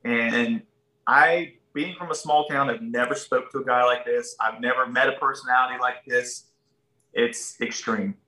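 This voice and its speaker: A man's voice: medium pitch, normal speed, echoey room, recorded from a distance, low-quality recording. A man, a podcast guest telling a story casually and acting out the people in it. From Ohio, USA. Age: 30s. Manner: folksy, animated, acts out other people's lines.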